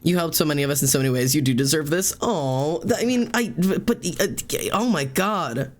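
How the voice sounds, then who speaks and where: A man's voice: fairly high pitch, expressive, moderate pace. A young man streaming a game, exclaiming often and talking in an emotional, tearful, laughing way.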